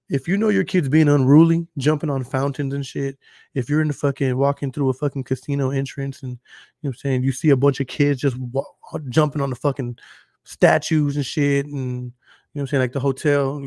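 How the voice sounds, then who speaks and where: Profane, animated Texas podcast host. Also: male voice, mid-range voice, dry recording, clean studio sound. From Dallas, Texas. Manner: animated storytelling, profane, acts out quotes. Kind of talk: casual chat.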